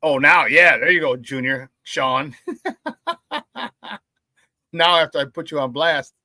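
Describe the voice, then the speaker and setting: A male morning sports radio host talking in a loose, hyped-up, slangy way. His voice is fairly high and bright. He is recorded in a dry studio close to the mic. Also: a little slow, dry recording. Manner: energetic, slangy hype. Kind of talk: casual morning sports talk.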